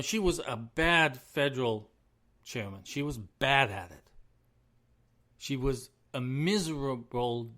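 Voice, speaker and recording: A man's voice: medium pitch, pushed and bright. A middle-aged man hosting his own podcast, delivering an emphatic, repetitive opinion rant with frequent chuckles. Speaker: podcast host.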